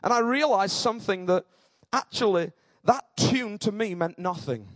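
A man preaching in church, telling a personal story and building to fervent, shouted exclamations. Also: sits high, lively intonation, moderate pace, dry recording.

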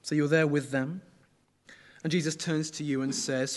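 Middle-aged man, sermon, conversational, slightly high pitch. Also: steady tone, normal speed. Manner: conversational, asks the congregation questions. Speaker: preacher.

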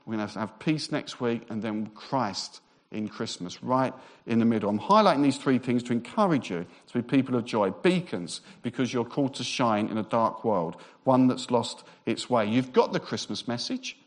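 A man preaching a Christmas sermon as pastor, emphatic and repetitive, with relaxed humorous asides. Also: medium pitch, normal speed, hardly any pauses. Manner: emphatic, repeats phrases for effect; conversational asides with light humour.

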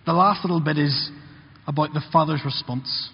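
With a slightly rough voice on the high side and a normal speaking speed, a male preacher earnestly delivers a sermon, performing characters' quoted lines. The sound is muffled, with long reverb from the hall.

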